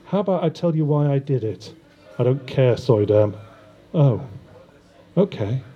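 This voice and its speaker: A man's voice: mid-range voice, expressive, unhurried, warm tone, breathy edge, dull audio. A man voicing a wounded male killer who taunts the detectives with wry amusement. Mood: mocking.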